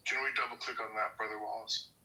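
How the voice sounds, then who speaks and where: A man's voice: lowish voice, flat delivery, fast talker, bright, forceful tone, distant mic, poor audio. A Canadian man ranting with heavy profanity in a casual group chat.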